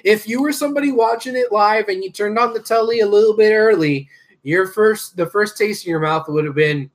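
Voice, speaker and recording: A man's voice: high-pitched, brisk. A man co-hosting a casual wrestling podcast, telling a long rambling story with lots of fillers and swearing. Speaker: podcast co-host.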